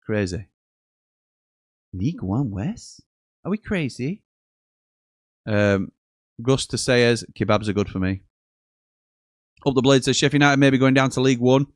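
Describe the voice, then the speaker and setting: A man's voice: mid-range voice, normal speed, long pauses, no echo, studio quality. A man hosting a live football watchalong, chatting casually, joking and reading out viewer messages. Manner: chatty, jokey, reads out messages and chuckles often.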